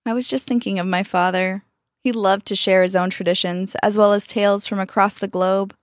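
A woman's voice: mid-range voice, steady tone, brisk, dry recording, clean studio sound, natural voice. A woman doing a fond, cheerful man. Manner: fond, reminiscing. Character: cheerful man recalling his storytelling father.

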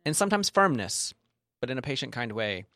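A man's voice: mid-range voice, big pitch swings, fairly quick, sharp tone, no echo. A man with a mid-range voice recounts a chaotic trip in casual conversation. He rambles, breaks off and restarts his sentences. The recording is dry and close. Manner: rambling, restarts often, laughs along. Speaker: guest telling a travel story. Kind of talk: casual chat.

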